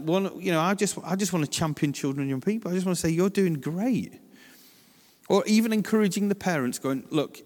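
A man from England giving a chatty, story-driven church talk, acting out the voices in his anecdotes and adding lively asides. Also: fairly high pitch, in a large hall.

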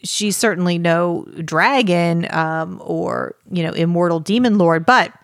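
A woman's voice: on the low side, measured pace, no room sound, studio quality. A woman co-hosting a podcast, chatting casually about a book with many fillers, restarts and laughs. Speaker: podcast co-host.

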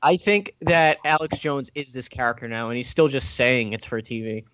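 A man's voice: medium pitch, moderate pace, fairly bright tone, dry recording. A man co-hosting a casual podcast, joking around and mimicking others. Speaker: podcast co-host. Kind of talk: casual chat.

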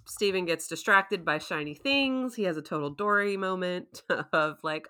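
Lady podcaster gushing through a tv recap, lowish voice, bright edge, laughs a lot. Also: normal speed, hardly any pauses, smooth. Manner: animated, laughs often, acts out scenes. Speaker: podcast host. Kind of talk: casual recap chat.

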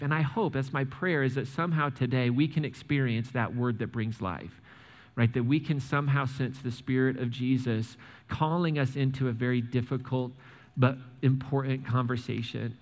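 A man preaching to his congregation as pastor, animated, stumbling over and restarting words, speaking straight to the people in the pews. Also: medium pitch, in a large hall. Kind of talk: sermon with church announcements. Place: church sanctuary.

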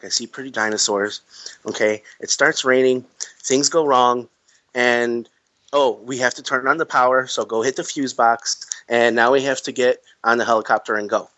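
A man co-hosting a casual movie chat, animated and complaining, repeating himself for emphasis. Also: mid-range voice. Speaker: podcast co-host. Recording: dull lo-fi recording.

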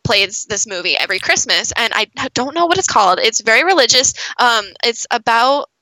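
A woman's voice: fairly high pitch, lively intonation, fairly quick, pushed and bright, no room sound, low-quality recording. A woman co-hosting a podcast in casual chat, rambling and searching for her words. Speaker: podcast co-host.

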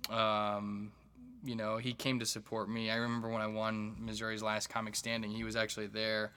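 A man hosts his own podcast and tells stand-up stories in a loose, rambling way. His voice sits low but has a bright, forceful ring. He swears freely and stumbles through restarts and fillers. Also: completely flat delivery, normal speed, clean tone. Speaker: stand-up comedian and podcast host. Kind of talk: casual storytelling monologue.

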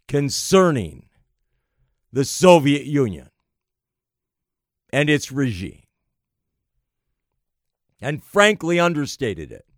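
A man delivering an emphatic political monologue, slow and deliberate, piling up phrase after phrase. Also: fairly high pitch, very animated, no echo, studio quality. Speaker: political commentator.

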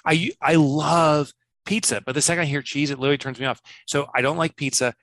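Animated man in his fifties. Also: on the high side, quick pace, no echo. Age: 50s. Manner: animated, laughs easily, acts out quotes. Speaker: guest, business author. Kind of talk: casual interview chat.

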